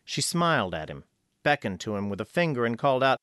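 A man narrating an audiobook in an expressive storytelling manner. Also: medium pitch, brisk, smooth, dry recording, studio quality.

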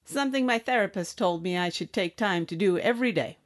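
A woman's voice: medium pitch, brisk, lightly acted. A woman voicing a brash, snappish spacefaring bosun. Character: tough, blunt young woman ship's bosun. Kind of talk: audiobook character acting.

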